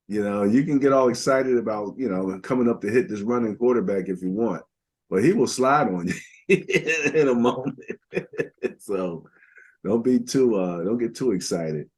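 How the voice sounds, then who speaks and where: A man's voice: mid-range voice, lively intonation, a little slow, breathy edge. An older man co-hosting a casual football podcast, rambling through stats with lots of fillers. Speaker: podcast co-host. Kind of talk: casual sports talk.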